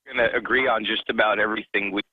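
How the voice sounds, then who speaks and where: A man's voice: lowish voice, steady tone, husky, no room sound, narrow, tinny audio. A man calling in to a talk radio show, a truck driver speaking earnestly and with passion, stumbling over his words. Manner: earnest, impassioned, halting.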